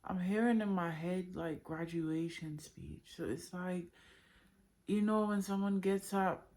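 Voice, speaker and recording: Searching for words, this woman speaks emotionally and haltingly in an unscripted monologue about her inner journey. She's a spiritual vlogger with a fairly low, slightly mellow voice.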